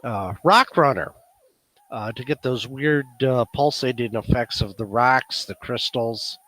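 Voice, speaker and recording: Chicago man demoing old software at a club meeting, relaxed and halting, mid pitch. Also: dry recording. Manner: musing aloud, many "uh" fillers. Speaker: meeting presenter. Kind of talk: casual demonstration talk.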